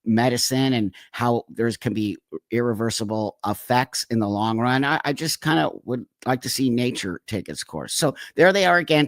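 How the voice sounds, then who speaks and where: A man's voice: mid-range voice, animated, normal speed, fairly bright tone, no room sound. Guy ranting at a clip, emphatic, repeats himself, pretty dry sound. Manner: emphatic, repeats points, gets heated. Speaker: host reacting to a clip. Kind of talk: reaction commentary.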